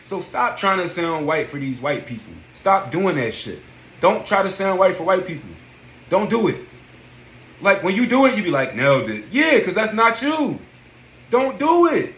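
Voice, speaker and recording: A man's voice: high voice, moderate pace. Man in his thirties ranting, echoey room. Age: 30s. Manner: animated, profane, emphatic. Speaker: vlogger. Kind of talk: casual storytelling rant. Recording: echoey room with faint noise.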